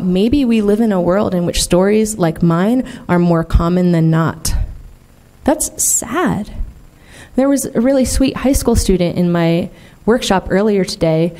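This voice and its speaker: A woman's voice: medium pitch, warm tone. A woman speaking candidly and emphatically as a conference plenary speaker, peppering her talk with "like" and "right?". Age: adult, in the field twenty years. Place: conference hall.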